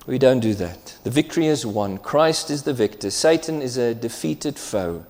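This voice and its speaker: A man's voice: medium pitch, lively intonation, moderate pace, darkish tone. Preaching man in a reverberant church. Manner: emphatic, repeats key phrases. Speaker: pastor. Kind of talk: sermon.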